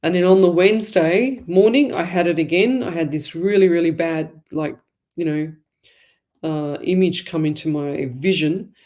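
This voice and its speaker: A woman's voice: fairly low pitch, normal speed, warm tone. A woman hosting a live psychic reading show from home, talking in a rambling, chatty way full of fillers and asides. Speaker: psychic medium host.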